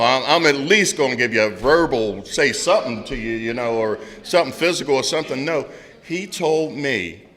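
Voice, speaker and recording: Loud, blunt man sharing his recovery story. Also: medium pitch. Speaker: speaker at a recovery meeting. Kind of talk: candid personal recovery share. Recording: long hall reverb.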